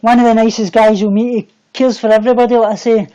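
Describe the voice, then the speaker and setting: A Scottish man hosting a casual livestream chat from home, warm and friendly, often repeating and restarting his words. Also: high-pitched, little pitch movement, fast talker, clear, resonant tone, highs cut off. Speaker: livestream host. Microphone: computer mic on a livestream.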